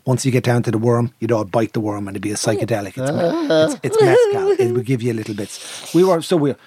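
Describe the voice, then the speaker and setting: A middle-aged man telling an animated story in casual chat, swearing freely and acting out what people said, swinging from low mutters to loud outbursts. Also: fast talker, breathy edge.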